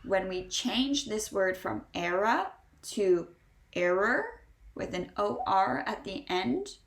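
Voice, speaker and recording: A woman's voice: mid-range voice, expressive, roomy sound. Northeastern American woman teaching pronunciation. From Northeastern United States. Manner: slow, drawn-out model words repeated three times. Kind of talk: pronunciation lesson.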